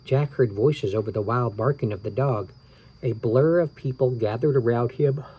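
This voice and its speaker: A man reading a children's book aloud, relaxed and tired, stopping for small asides and rereading his slips. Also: mid-range voice, normal speed, slightly rough, muffled recording. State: tired, yawning. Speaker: reader of children's books.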